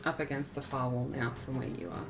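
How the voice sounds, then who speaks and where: A woman running a solo tabletop game as game master, relaxed and casual, reading rules aloud. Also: a bass voice, over music. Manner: relaxed, reads rules aloud, quick asides.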